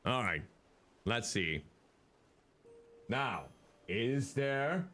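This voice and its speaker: A man's voice: medium pitch, very animated, very slow, bright, forceful tone. A male streamer giving chatty, casual commentary while playing a game and thinking aloud.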